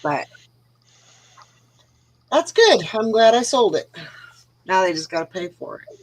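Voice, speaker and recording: A woman hosting a casual chat, teasing her co-hosts and quick to laugh. Her pitch swings widely as she talks. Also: big pitch swings. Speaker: show host.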